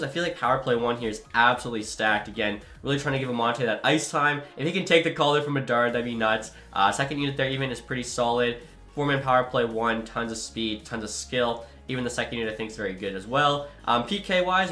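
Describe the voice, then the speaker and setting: A man's voice: mid-range voice, bright, forceful tone. A young man giving upbeat, chatty commentary over a hockey video game. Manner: upbeat, quick, chatty with filler. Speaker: gaming YouTuber.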